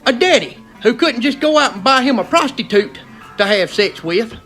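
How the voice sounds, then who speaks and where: A man with a thick South Carolina accent rants through a stand-up bit in a very high, bright voice. He talks in a rowdy, exasperated hillbilly drawl. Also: lively intonation, moderate pace, soft background music. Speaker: stand-up comedian. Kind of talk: stand-up comedy rant.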